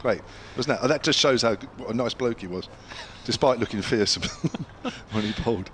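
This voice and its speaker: An older English man commentates on county cricket between relaxed anecdotes. His voice sits mid-range and his manner is chatty. Faint outdoor background noise sits under the booth mic. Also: mid-range voice, normal speed.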